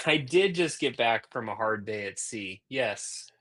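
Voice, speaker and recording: A man's voice: medium pitch, expressive, takes it slowly, a bit bright. A man co-hosting a live stream, chatting in an easygoing way and laughing often. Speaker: co-host. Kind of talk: casual stream chat.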